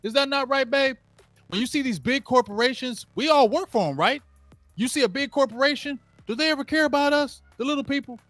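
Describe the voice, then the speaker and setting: His voice is very high and fairly bright, and he talks a little fast. Hosting a sports show, he rants casually in slangy terms while watching a live game, addressing viewers directly with play-by-play. The recording is dry, with no reverb.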